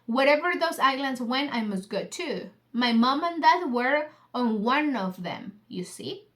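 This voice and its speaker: A determined young storybook boy, earnest and plain-spoken, as a woman reads him. The voice is fairly high and. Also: expressive, measured pace, fairly bright tone. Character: determined young boy looking for his parents.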